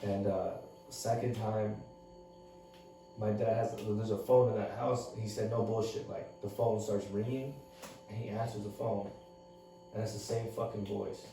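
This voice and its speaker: A man with a fairly low, dark voice tells a story casually, with heavy cursing and constant fillers. He sits well back from the mic in a very echoey room. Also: little pitch movement, unhurried, creaky, distant mic, faint music behind. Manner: heavy swearing, lots of "like" fillers. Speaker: podcast co-host.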